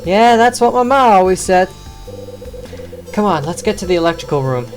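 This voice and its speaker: A jumpy, slangy young bellhop from a game, raising his voice and swooping up in pitch, as a woman puts him on. He talks quickly and loosely, always a little panicked. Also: over music, natural voice. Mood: excitable. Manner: excitable, slangy.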